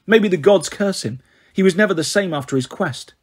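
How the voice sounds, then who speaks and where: A man voicing a sharp-tongued young girl in an audiobook, blunt and clipped, faltering when upset. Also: sits high, animated, brisk, husky. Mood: blunt, worried. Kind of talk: audiobook character reading.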